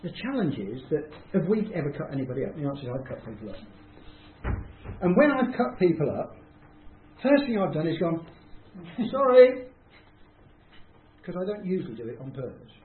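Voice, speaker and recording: Man, informal speaker, self-deprecating, acts out reactions; bright lively pitch, lo-fi phone-like sound with faint hiss. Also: fast. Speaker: speaker giving a talk on mercy. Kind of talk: informal talk to a small group. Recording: tinny, roomy, faint hiss.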